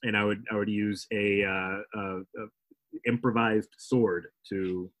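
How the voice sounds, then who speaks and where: A man's voice: lowish voice, flat delivery, a little slow, a bit bright, rough recording. A young man, a comedian guest, talking in a rambling, self-interrupting, wry way in a casual interview.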